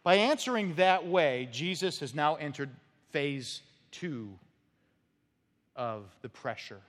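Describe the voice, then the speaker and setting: A man's voice: fairly high pitch, expressive, slow pace, a bit bright. Emphatic male pastor in a reverberant hall. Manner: emphatic, rhetorical "right?" checks, dramatic drops in volume. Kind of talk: expository sermon. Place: church sanctuary.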